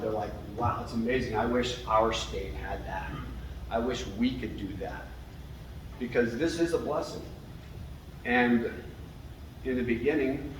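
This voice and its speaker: An emotional man gives a grateful acceptance speech, pausing between phrases. He is picked up from far off in a very echoey large hall. Steady room noise sits clearly under his voice. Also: mid-range voice. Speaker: hall of fame inductee.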